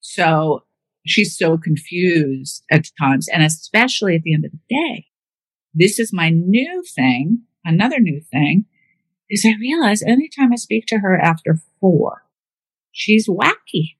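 A woman's voice: on the low side, sing-song, a little slow, breathy edge, dry recording. A woman caring for her mother, talking in a casual, chatty way and acting out the voices in her stories. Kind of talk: casual conversation.

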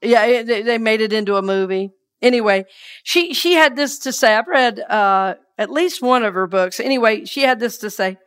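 A woman minister delivering a sermon, moving between hushed scripture reading and lively call-and-response affirmations with her congregation. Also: a little high, moderate pace, smooth.

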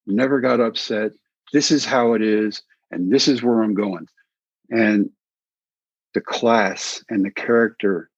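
A man with a husky, slightly breathy voice, talking as an interview guest about his time as a baseball coach and pitcher. He tells folksy anecdotes and acts out the other voices in them. The recording is dry and a little dull. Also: no room sound. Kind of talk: animated storytelling in an interview.

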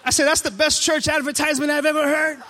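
A man pastor delivering a passionate sermon to his church, building to shouts. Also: very high voice, level tone, quick pace, a little hiss or hum. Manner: passionate, preaching with rising shouts.

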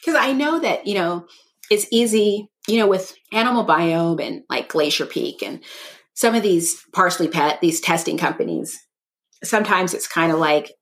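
On a podcast she co-hosts, this woman rambles through long sentences, thinking out loud in a casual chat. Her voice is on the low side yet fairly bright, with lively intonation and a moderate pace.

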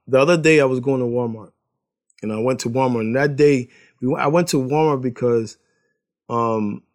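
A man casually sharing a personal faith testimony, rambling, repeating words and laughing as he tells it. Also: medium pitch.

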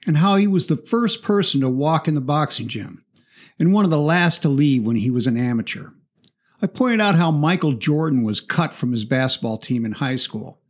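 A man, a martial arts instructor and speaker, telling a first-person story in a calm, confident, measured way. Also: on the high side.

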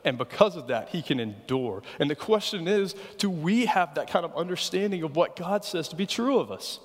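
A man's voice: on the high side, expressive, normal speed. Earnest male pastor preaching in a hall. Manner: earnest, pleading rhetorical questions. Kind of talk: sermon.

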